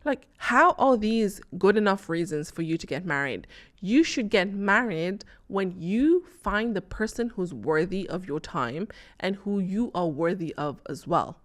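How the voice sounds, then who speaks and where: A woman's voice: medium pitch, animated, measured pace. A woman hosting her own talk show, speaking casually and emphatically, full of rhetorical questions and checks like "okay?" and "right?". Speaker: host. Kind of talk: opinionated casual talk to camera.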